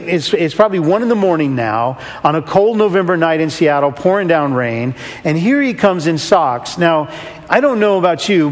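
A man who runs a rescue mission, telling a humorous, self-mocking story to an audience. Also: a little high. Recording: long hall reverb.

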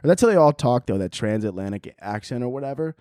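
A man's voice: medium pitch, lively intonation, fast talker, dark tone, dry recording, studio quality. A man hosting a podcast, ranting casually, swearing often and laughing at his own jokes. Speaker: podcast host. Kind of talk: casual comedic rant.

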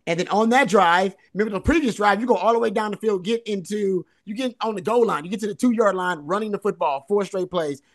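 A man's voice: high voice, brisk, hardly any pauses. A man co-hosting a sports podcast, analyzing a football game in casual talk and stressing points by repeating phrases. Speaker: co-host.

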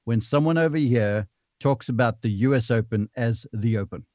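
A man's voice: medium pitch, normal speed, a little mellow, no echo, highs cut off. A man who is a golf analyst talking emphatically and with animation in a casual podcast panel chat.

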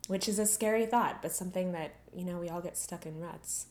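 A young adult woman with a slightly low voice hosts her podcast, talking candidly and earnestly. She sounds a little out of breath as she shares, keeping an easy conversational tone. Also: fairly quick, a little mellow. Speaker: podcast host. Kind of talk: personal reflective talk.

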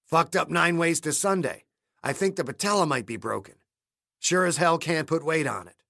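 A man's voice: a little high, expressive, moderate pace, creaky, a bit bright, dry recording, clean studio sound, exaggerated voice. A man voicing a battered, injured man who swears a lot and speaks sardonically. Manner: profane, sardonic.

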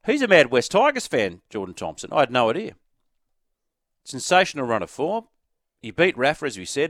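An Australian man hosting sports talk radio, chatting quickly and inviting listeners to send in texts. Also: mid-range voice, dry recording, clean studio sound. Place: radio studio. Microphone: studio microphone.

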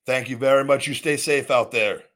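A man's voice: medium pitch, fairly even intonation, normal speed, a bit bright. A man hosting a call-in show, telling stories bluntly and swearing freely. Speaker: podcast host taking callers. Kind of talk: casual profane storytelling.

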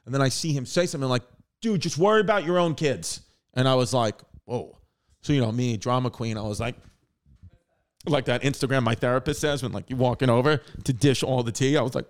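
Guy hosting a podcast, rambly and animated, cursing a lot, acts out the quotes. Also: medium pitch, fairly quick. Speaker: podcast host. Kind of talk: casual storytelling.

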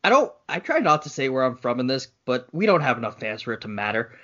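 A man's voice: mid-range voice, big pitch swings, quick pace, pushed and bright, muffled recording. A man from Massachusetts co-hosting a podcast in casual chat, with a dry, teasing manner. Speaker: co-host.

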